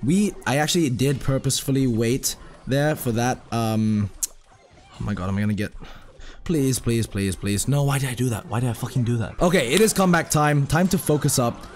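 A hoarse young man giving excitable, self-mocking live commentary while playing a mobile game, swearing often. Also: mid-range voice, a little fast. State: hoarse, recovering from a lost voice.

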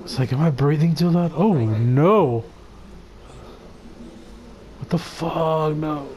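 A man giving excitable, laugh-filled let's play commentary, swearing freely as he reacts to the game. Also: fairly high pitch, slow pace. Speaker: gaming commentator.

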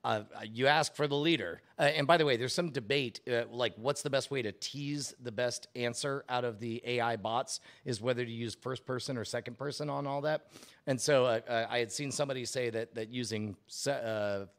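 A man co-hosting a casual podcast chat, laughing often and getting animated as he reads aloud. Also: medium pitch, normal speed. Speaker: co-host.

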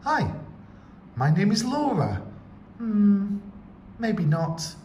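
A man voicing a shy young girl newly moved to a new country, in a raised, soft voice, read from a picture book in an echoey room. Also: sits high, very animated, very slow, a little hiss or hum, pitched above the performer's own voice, exaggerated voice. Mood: earnest.

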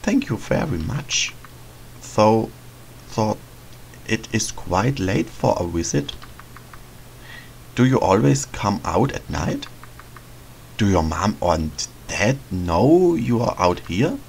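A man reads a kindly, lonely witch who longs for a child to look after. Her voice sits low and gravelly. She speaks slowly and gently, and her pitch swings up and down. A faint hiss sits behind her. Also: very animated, heavily acted, poor audio. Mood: tender. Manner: soft, motherly, hesitant, sighing. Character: lonely, gentle female forest witch, middle-aged. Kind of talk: reading game dialogue aloud in a let's play.

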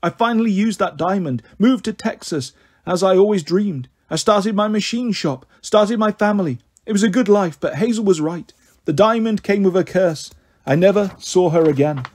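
A man voicing a gentle great-grandfather in his seventies, talking dreamily and tenderly. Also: high-pitched, normal speed. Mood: wistful.

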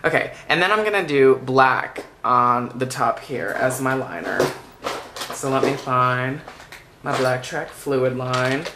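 A man giving a makeup tutorial in a soft-spoken, chatty and playful way. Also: medium pitch, expressive, slow, background noise. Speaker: makeup vlogger.

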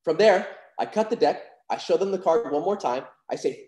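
Speaking at normal speed in an expressive, darkish voice on the high side, a young man teaches card magic in a casual online lesson. He comes across as upbeat and confident, uses lots of fillers, and is recorded in an echoey room.

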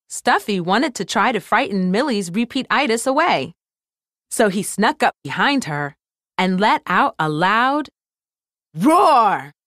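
A woman reads a children's story aloud, slow and expressive. Her voice rises and falls widely, and the sound is dry and close. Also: medium pitch, dry recording. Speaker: storybook reader. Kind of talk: scripted narration for children.

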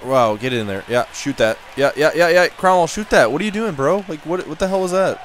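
A young man giving casual, excitable commentary while playing a hockey video game, switching between low muttering and loud yelling. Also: a little fast, slight background noise. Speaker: gaming commentator.

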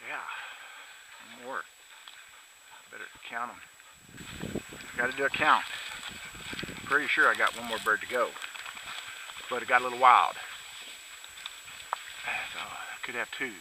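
A man out hunting with his dogs, shouting short commands to them and talking quietly to his camera. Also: slow, long pauses, background noise. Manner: shouts dog commands, then talks low and quietly to the camera. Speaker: hunter filming his dogs. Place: outdoors in snowy rural fields.

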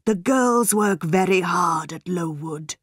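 A woman voicing a cruel, stern, tall male schoolmaster in a storybook reading, speaking slowly and solemnly. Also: lowish voice, husky, no echo, studio quality. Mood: threatening. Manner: slow, solemn and threatening.

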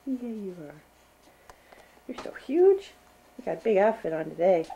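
A woman's voice: medium pitch, sing-song, a little slow, creaky, mellow, slight background noise, poor audio. A mother filming her baby at home, talking to him in a cooing, teasing, sing-song baby voice. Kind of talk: baby talk to an infant. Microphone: handheld home video camera.

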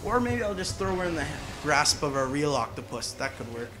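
A man with a slightly high voice chatting loosely over his gameplay. He wanders off onto tangents and talks to his viewers as he goes. His delivery is relaxed and conversational. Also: fairly quick, soft background music. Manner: rambling, chatty, side tangents. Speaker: gaming channel host. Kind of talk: casual gameplay commentary.

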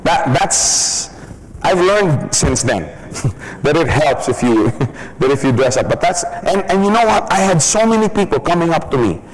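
A man's voice: fairly high pitch, expressive, measured pace, poor audio. A man giving a casual training talk who jokes and laughs often. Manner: casual, joking, laughs often, many "you know". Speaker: business trainer.

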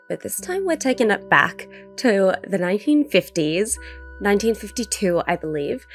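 Woman hosting a movie reaction, chatty and excited, faint music behind. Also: medium pitch, moderate pace. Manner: chatty, enthusiastic, with fillers. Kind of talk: casual reaction commentary.

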